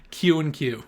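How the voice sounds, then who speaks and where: A podcast co-host in casual movie chat who laughs often, swears and acts out scenes. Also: medium pitch.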